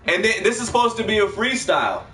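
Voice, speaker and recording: A man with a high voice talks in a loose, slangy livestream chat, full of swearing and quick laughs. He has been drinking. The sound bounces around an echoey room. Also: very animated, sharp tone, a little hiss or hum. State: drinking while talking. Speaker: livestream co-host. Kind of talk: casual chat.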